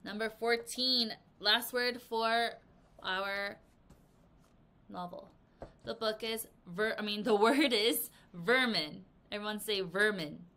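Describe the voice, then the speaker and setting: Woman English teacher, bright and animated, drilling vocab with kids. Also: mid-range voice, takes it slowly. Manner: animated, acts out example sentences. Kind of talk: vocabulary lesson for children. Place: language academy in Korea.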